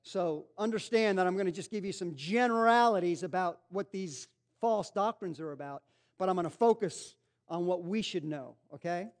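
Male pastor, very high voice, emphatic teaching sermon, quizzes the room, repeats his points. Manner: swings from loud stressed points to low quick asides. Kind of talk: sermon-style Bible teaching.

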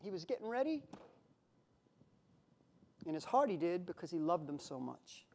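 A pastor preaching a sermon in a conversational, emotional way, with sudden loud outbursts. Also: male voice, sits high, sing-song, moderate pace.

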